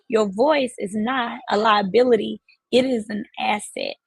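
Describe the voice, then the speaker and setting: A woman's voice: a little high, unhurried, gravelly, slightly rough, no room sound, low-quality recording. A woman hosting a live stream as a financial services coach, speaking emphatically with repeated, preacherly phrasing. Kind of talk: motivational live-stream talk.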